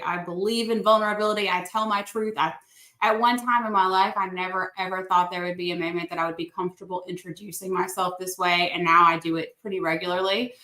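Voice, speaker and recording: Southern woman, podcast guest, bright tone, candid, talks in short restarts. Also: lowish voice, echoey room. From rural Alabama. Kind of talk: casual interview chat.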